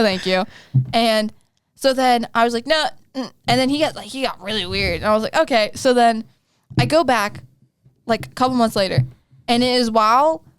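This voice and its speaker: A woman's voice: a little high, clear, resonant tone, dry recording. A young woman co-hosting a podcast, telling stories in a chatty, giggly way with many restarts. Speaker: podcast co-host. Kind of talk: casual chat.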